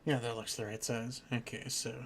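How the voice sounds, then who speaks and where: A man's voice: mid-range voice, flat delivery, normal speed, a little hiss or hum. A man running a tabletop role-playing game as game master, thinking aloud with fillers as he moves the session along.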